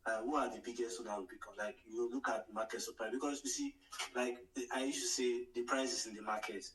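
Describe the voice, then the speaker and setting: A man offers his market views on a call, his voice sounding far from the microphone in an echoey room. He speaks haltingly, with many pauses and restarts. His pitch is mid-range for a man. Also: steady tone, fairly bright tone. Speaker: guest analyst. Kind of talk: casual discussion on a call. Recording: echoey, distant call audio.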